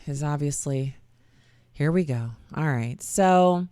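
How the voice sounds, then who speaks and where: A woman's voice: low-pitched, slow, mellow, clear, resonant tone, dry recording, clean studio sound. A middle-aged woman hosting a talk radio show, chatty and sarcastic with folksy asides. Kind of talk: opinionated talk radio monologue.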